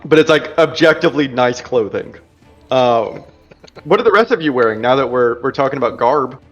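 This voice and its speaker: A man's voice: mid-range voice, animated, moderate pace, soft background music. A man narrating a tabletop game as game master, casual and chatty with filler words, on a dull lo-fi recording.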